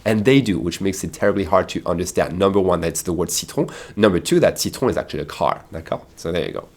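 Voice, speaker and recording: French-accented male teacher, lowish pitch, relaxed explaining delivery for a video lesson. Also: fast. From France. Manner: chatty, explaining with many fillers and asides.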